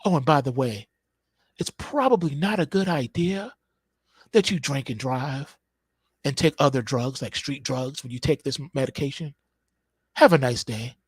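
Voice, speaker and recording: A man voicing a calm, grandmotherly drug-ad narrator with a soft, even, reassuring read. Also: mid-range voice, normal speed, pauses often, slightly rough, dry recording, studio quality, voice pushed down, natural voice.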